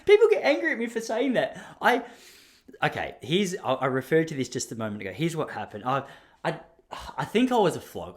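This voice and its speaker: An Australian man hosts a podcast alone, spinning a casual yarn with mock outrage. His voice sits mid-pitch but swings widely, rising high in disbelief and dropping low for the asides. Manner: animated and ranting, with mock outrage. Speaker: podcast host. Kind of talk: casual storytelling monologue.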